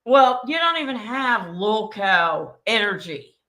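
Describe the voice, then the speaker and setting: A woman's voice: medium pitch, slow. A woman co-hosting a casual podcast, ranting bluntly and swearing freely. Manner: blunt, profane, animated ranting. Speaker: co-host.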